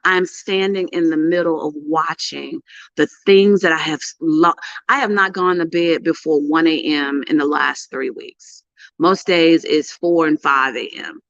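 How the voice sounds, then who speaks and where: A middle-aged woman and PR coach telling a story to camera in a casual, animated way, with emphatic bursts and hushed asides. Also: low-pitched, unhurried, dry recording. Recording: dull lo-fi, dry sound.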